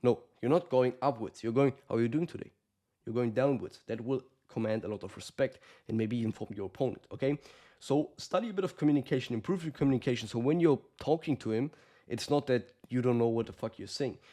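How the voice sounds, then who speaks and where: A man's voice: mid-range voice, fast talker, warm tone. A man giving casual, blunt coaching advice to the camera, swearing often and calling the listener brother. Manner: acts out quoted lines of fighters. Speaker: combat sports coach.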